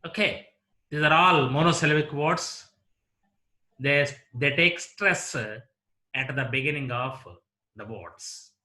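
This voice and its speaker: A man teaching an English lesson on word stress, slowly and deliberately repeating example words one at a time. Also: a little high, sharp tone. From India. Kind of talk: classroom lecture on word stress.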